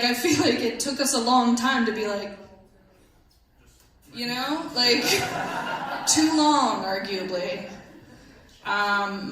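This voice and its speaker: A young woman in her twenties doing a stand-up comedy set on a club stage into a handheld mic, chatty and self-deprecating with a deadpan edge. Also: fairly high pitch. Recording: echoey club room, faint hum.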